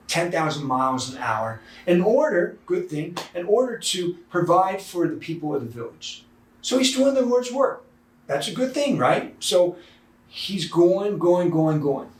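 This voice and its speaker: A man's voice: a little high, far from the mic, slight background noise. Male priest, sermon, chatty storyteller, slightly raised voice, roomy church. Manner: conversational storytelling with fillers.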